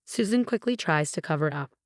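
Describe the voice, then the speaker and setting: A woman narrating a scripted first-person story, reading all the characters in one steady voice. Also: low voice, fairly quick, dry recording, clean studio sound.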